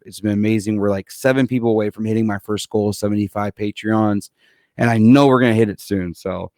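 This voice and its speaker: A relaxed man hosts a live-streamed music podcast in a loose, chatty way. His voice sits at an ordinary pitch and sounds dry and close, with no room around it. He rambles a little and keeps it friendly and informal. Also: clean tone, dry recording. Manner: easygoing, rambling, calls people man and dude. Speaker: podcast host. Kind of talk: casual live-show chat. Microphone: computer setup for a live stream.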